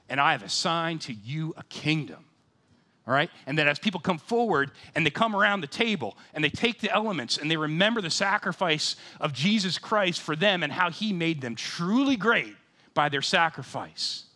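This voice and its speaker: A man in his fifties preaching a sermon, animated, swinging between loud excited bursts and quiet, sober scripture readings. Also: fairly high pitch, moderate pace. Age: 50s. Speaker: pastor.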